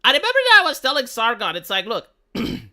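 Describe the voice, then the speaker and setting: A male live streamer from Romania rants with heated, profane indignation. His voice is very bright and sharp-edged, and his pitch swings widely as he restarts his sentences. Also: wildly swooping pitch, fast talker. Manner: stumbling restarts. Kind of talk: ranting commentary on a live stream.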